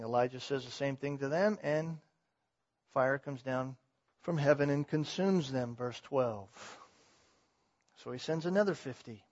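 Man, preacher, high voice, emphatic sermon delivery, slightly muffled lo-fi sound. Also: fairly bright tone. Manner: emphatic, building intensity on key points. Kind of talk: expository sermon.

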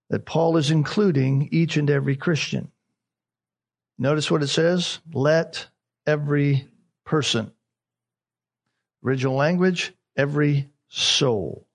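Pastor, male, high voice, emphatic sermon delivery with repeated phrases and rhetorical questions. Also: a bit bright.

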